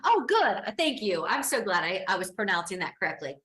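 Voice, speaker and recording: A woman's voice: on the low side, lively intonation, quick pace, bright, forceful tone, echoey room. A woman business coach teaching an online class in an upbeat, encouraging way, speaking over a video call. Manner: upbeat, encouraging, acts out quoted voices.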